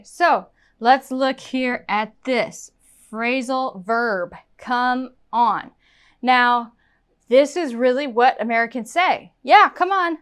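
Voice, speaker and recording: A woman with a fairly high voice teaches pronunciation at an unhurried pace. She repeats each example phrase to model it and keeps a playful, chatty tone with her learner. Her delivery is clear and deliberate. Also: a bit bright. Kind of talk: spoken English lesson.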